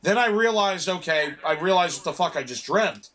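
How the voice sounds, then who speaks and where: A man chatting casually with a friend while playing a video game, telling an animated story full of swearing. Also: sits high, normal speed. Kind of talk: casual chat.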